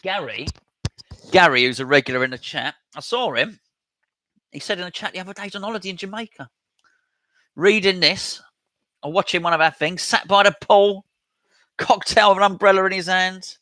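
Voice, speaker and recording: A man's voice: high-pitched, moderate pace, long pauses, pushed and bright, no room sound. A man hosting a casual live stream, chatting and reading out viewer comments as he replies. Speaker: host reading live chat.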